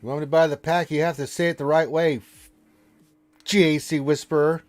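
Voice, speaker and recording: A man's voice: a little high, level tone, a little fast, background noise. A man hosting a casual live game stream, reading the chat aloud and teasing viewers with mock-stern playfulness.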